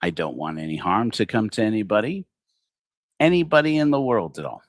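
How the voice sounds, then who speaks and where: A middle-aged man hosting a livestreamed satirical sermon, addressing his target with sarcastic, theatrical mock flattery. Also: on the low side, moderate pace, long pauses, dry recording, clean studio sound. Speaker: host of a secular online congregation.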